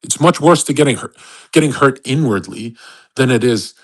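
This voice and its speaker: A husky-voiced man, mid-pitched, speaks over a home microphone on a live online audio stream. He gives a heated motivational rant with plenty of swearing, jumping from loud outbursts down to low muttering. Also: moderate pace. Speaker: host. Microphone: home microphone on an online audio call.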